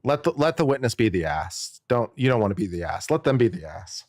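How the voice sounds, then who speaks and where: A man's voice: fairly low pitch, sing-song, brisk, darkish tone, no room sound, studio quality. A man, an attorney, giving casual and jokey live-stream commentary, musing aloud and often repeating himself.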